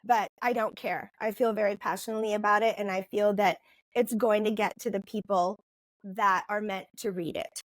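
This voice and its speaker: Animated storytelling woman in her fifties. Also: medium pitch, normal speed, dry recording. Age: 50s. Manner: animated storyteller, frequent "you know". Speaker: guest author. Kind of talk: casual interview chat.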